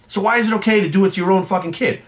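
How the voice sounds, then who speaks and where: A man's voice: sits high, very fast. A man delivering an angry, profane rant as a fitness coach vlogger. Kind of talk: ranting monologue.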